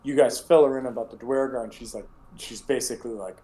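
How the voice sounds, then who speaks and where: A man running a tabletop game, narrating at an ordinary middle pitch. His talk is casual and profane. He rambles through restarts and "like"s. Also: fairly even intonation, fairly quick, few pauses, warm tone, a little hiss or hum, poor audio. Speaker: game master.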